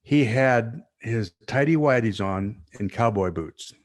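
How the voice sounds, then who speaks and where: A football coach co-hosting a sports podcast, telling stories in a laid-back, easygoing way. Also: male voice, medium pitch, expressive, takes it slowly. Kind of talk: casual sports chat.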